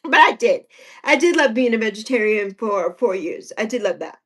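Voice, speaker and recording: A woman's voice: a little high, expressive, moderate pace, a bit bright. A woman in her sixties hosting a casual livestream chat, chatty and repetitive, reading out viewer comments and laughing often. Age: 60s. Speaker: livestream host.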